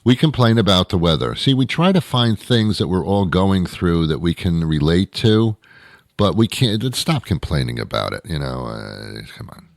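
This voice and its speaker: Deep-voiced man ranting with sarcasm. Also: very animated, normal speed, creaky, dry recording, clean studio sound. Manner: sarcastic rambling humor with frequent self-corrections and laughs. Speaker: podcast host. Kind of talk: comedic monologue.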